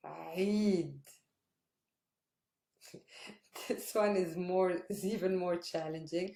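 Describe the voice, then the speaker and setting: A woman teaching Arabic pronunciation in an online lesson, patiently repeating sounds slowly for practice. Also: mid-range voice. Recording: roomy echo.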